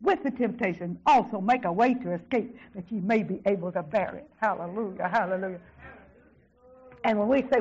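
An older woman preaching a fervent sermon, swinging from shouted, drawn-out praise to low, quiet asides and repeating exclamations of praise. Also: lively intonation, breathy edge, dull audio.

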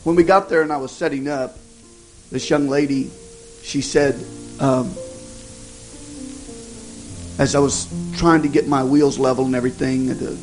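A man, an evangelist, telling a personal testimony in a folksy, halting way with many restarts. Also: medium pitch, darkish tone, low-quality recording. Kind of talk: sermon testimony storytelling. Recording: music playing behind the voice.

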